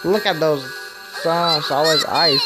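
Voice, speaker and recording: A man's voice: a little high, slow pace. A man giving casual reaction commentary to a cartoon, rambling, giggling often and stumbling over his words. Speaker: video reactor. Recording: loud music from the video underneath. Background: loud cartoon soundtrack music.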